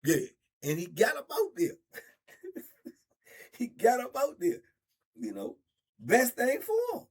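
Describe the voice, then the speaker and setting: A man's voice: very high-pitched, wildly swooping pitch, takes it slowly, long pauses, slightly rough. A middle-aged man telling stories in a laid-back, drawling way, laughing often. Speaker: storyteller host. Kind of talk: casual storytelling.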